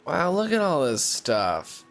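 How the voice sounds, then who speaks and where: A man's voice: on the high side, huge pitch swings, slow pace, fairly bright tone, faint music behind. A man streaming a video game, giving casual, joking commentary and swearing freely. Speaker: gaming streamer.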